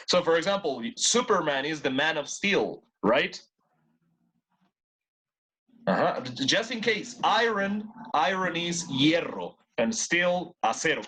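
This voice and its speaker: A man's voice: fairly high pitch, pushed and bright. Encouraging bilingual English teacher, man. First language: Spanish. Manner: switches between English and Spanish, encouraging, repeats words for drills. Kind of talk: online class teaching.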